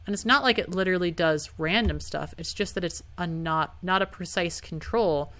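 A young woman, a gaming YouTuber, gives casual let's-play commentary while playing a hard computer game, often getting frustrated and swearing. Her voice is fairly low and a bit bright, at a moderate pace.

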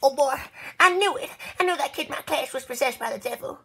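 A woman voicing an excitable pet bird neighbor who blurts out her thoughts eagerly. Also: sits high, quick pace, soft background music. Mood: excited. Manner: eager, bursting out.

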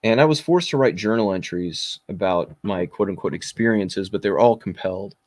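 Podcast guest: man in his 40s, low voice, dry close sound, blunt and intense storytelling. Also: brisk, a little mellow, no room sound. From Kentucky. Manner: blunt and intense, with frequent fillers. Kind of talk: personal storytelling.

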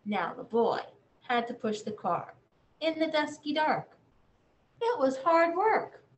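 Gentle woman storyteller, lilting and unhurried, bedtime read-aloud for kids. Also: sits high, big pitch swings, slight background noise. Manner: gentle, sing-song, talks to children. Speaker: children's librarian. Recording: echoey room.

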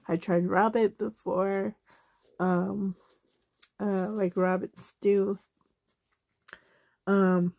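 A woman's voice: medium pitch, a little mellow, no room sound, studio quality. A woman in her forties from Canada, casually telling family stories in a rambling way and laughing through them. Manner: loose and rambling, many fillers. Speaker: vlogger answering a tag video. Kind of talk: casual storytelling.

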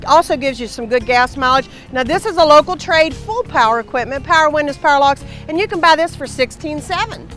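A woman co-hosting a car dealership show, presenting cars in a peppy, enthusiastic sales pitch. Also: expressive, fairly quick, few pauses, fairly bright tone, soft background music.

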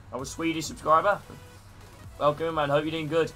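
Bright-voiced man commentating his game. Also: a little high, fairly quick, soft background music. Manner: commentating play-by-play, greeting chat viewers. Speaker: gaming streamer. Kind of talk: live-streamed video game commentary.

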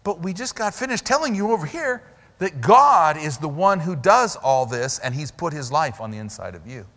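Pastor guy preaching a sermon, slightly high voice that jumps all over, big emphatic punches, long church echo. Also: moderate pace. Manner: animated, emphatic preaching with sudden loud stresses. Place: church sanctuary. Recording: long hall reverb in a church.

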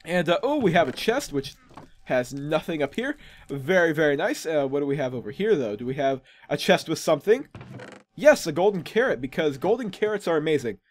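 A man's voice: fairly high pitch, very animated, fairly quick. Chatty man commenting on gameplay. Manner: chatty, rambling, self-amused. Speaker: gaming channel host.

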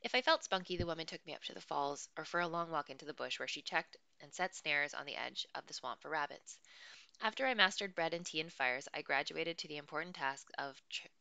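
Low, bright woman reading a novel. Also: fairly quick, gravelly, clean tone, no echo. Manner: expressive, dry first-person narration. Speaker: audiobook reader.

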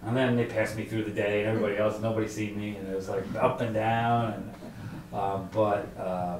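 A middle-aged man tells his own story at a library author talk, conversational and halting, with many fillers, acting out his own thoughts. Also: lowish voice, little pitch movement, a little mellow, slight background noise. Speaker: author and fisherman telling his survival story. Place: library event room. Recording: echoey room, distant mic.

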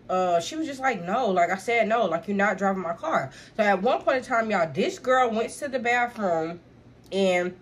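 A young woman vlogger telling a casual, animated storytime in slang, talking straight to her viewers. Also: mid-range voice, breathy edge.

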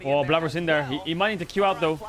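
High-pitched guy hyped up reacting to a game live, swears a lot, laughs a lot. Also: fast talker. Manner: excitable, swears, laughs often. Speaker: streamer co-streaming a match. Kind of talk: excited live reaction commentary.

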